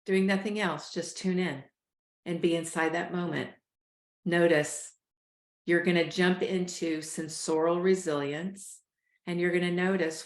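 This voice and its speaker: A woman coaches listeners through a breathing exercise at a calm, steady pace. Her voice sits a little low. The recording has a roomy echo. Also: unhurried. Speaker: host, life coach. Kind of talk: guided breathing instruction.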